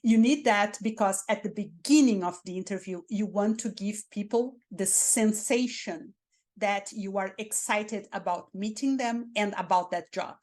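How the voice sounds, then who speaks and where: A woman with a Spanish accent, a native Spanish speaker, giving interview coaching and acting out dull and excited ways of talking. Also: mid-range voice, measured pace. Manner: animated, demonstrates dull and excited delivery. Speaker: career mentor.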